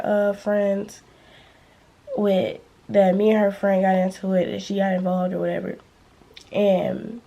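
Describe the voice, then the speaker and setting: Husky young woman telling a storytime. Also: medium pitch. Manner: animated, slangy storytelling, acting out quotes. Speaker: vlogger. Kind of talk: storytime vlog.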